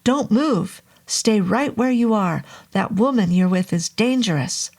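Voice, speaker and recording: A grave male medicine man in a horror story, calm and commanding, speaking low and unhurried, as a woman reads him. The voice is husky with a gravelly edge. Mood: urgent.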